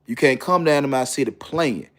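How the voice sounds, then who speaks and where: A man's voice: medium pitch, moderate pace. A middle-aged man from Memphis with a Southern Memphis accent, ranting in casual, profane slang as a commentator. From Memphis, Tennessee. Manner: animated, heavy slang and cursing.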